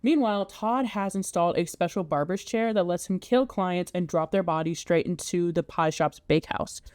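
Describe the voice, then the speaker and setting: Chatty woman recapping a story, mellow. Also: on the low side, moderate pace, no room sound, clean studio sound. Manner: chatty, conversational, many "like"s. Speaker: video essayist. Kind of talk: casual plot recap.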